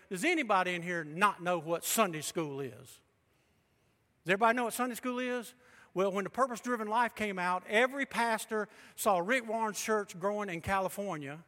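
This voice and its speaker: A man preaching a sermon as pastor, swinging between loud, emphatic declarations and hushed asides. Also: sits high. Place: church sanctuary. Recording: long reverb of a large church hall.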